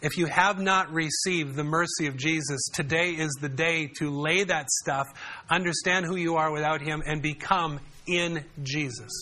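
A man's voice: a little high, steady tone, normal speed, bright, forceful tone. A man preaching a sermon in a conversational way, often asking his congregation questions. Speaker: pastor.

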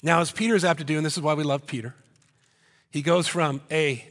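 Joking pastor in a reverberant hall. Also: male voice, fairly high pitch, moderate pace, fairly bright tone. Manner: conversational, joking asides and rhetorical questions. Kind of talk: sermon. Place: church hall before a congregation.

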